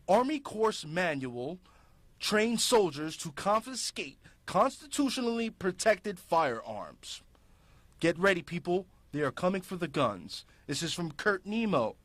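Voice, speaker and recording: Guy ranting hard on his public access show, kinda high voice, dry close sound. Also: sing-song, a little slow, a bit bright, no room sound. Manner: fiery, ranting, emphatic. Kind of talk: impassioned political commentary.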